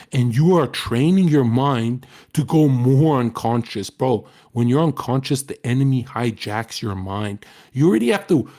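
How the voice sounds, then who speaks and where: A man of mid pitch delivers a forceful, profane lecture to his livestream chat. His tone is aggressive and scolding. He keeps hammering his points home. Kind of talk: angry livestream rant.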